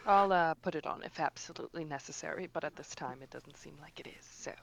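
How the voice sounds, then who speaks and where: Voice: mid-range voice, fast, vocal fry, a bit bright, a little hiss or hum. A player voicing a haughty, refined woman adventurer in a tabletop game, airy and condescending, calling everyone darling. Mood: aloof.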